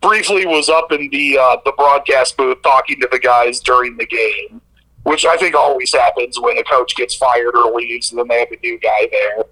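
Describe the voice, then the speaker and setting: A man co-hosting a sports podcast, telling stories in a rambling, animated way with lots of fillers. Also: medium pitch, normal speed, low-quality recording. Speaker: podcast co-host. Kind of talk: casual sports chat.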